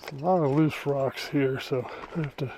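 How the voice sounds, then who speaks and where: An older man narrating his own hike on a rocky desert trail, talking slowly with pauses and fillers, breathing hard and joking about himself. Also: mid-range voice, steady tone, creaky, warm tone, a little hiss or hum. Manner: slow, unhurried, self-deprecating, with many pauses and fillers. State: out of breath from hiking. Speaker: hiking vlogger. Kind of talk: casual hiking vlog narration. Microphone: handheld or body camera mic while walking.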